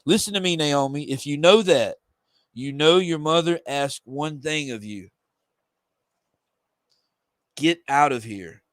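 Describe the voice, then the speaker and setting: A woman urgently warns a girl to flee and never return, as a man reads her part aloud. The pitch is slightly raised. The recording is dry and close. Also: slow pace, long pauses, dry recording. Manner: reading aloud from a comic page.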